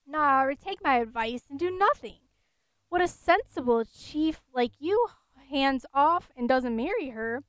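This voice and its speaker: A peevish, grumbling old ghost with a Scottish accent, put on lightly by a woman reading aloud. The voice sits high and bright, with a close, dry sound and no room around it. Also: expressive, a little slow, no echo.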